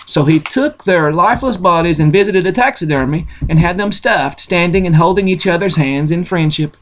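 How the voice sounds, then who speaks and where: High-voiced man reading a folksy story. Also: normal speed, low-quality recording. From Russia. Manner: folksy, rambling asides. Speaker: storyteller host. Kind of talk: casual bedtime story reading.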